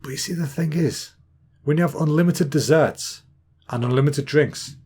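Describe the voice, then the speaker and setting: A man's voice: on the high side, normal speed, darkish tone, husky. A man in his thirties with an English accent, telling rambling, jokey stories as a podcast host. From England. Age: 30s. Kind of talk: casual storytelling monologue.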